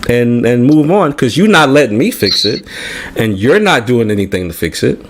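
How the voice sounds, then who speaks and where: A man telling a personal story in casual chat, animated and profane, often checking in with "right?". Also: medium pitch, normal speed. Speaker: podcast panelist.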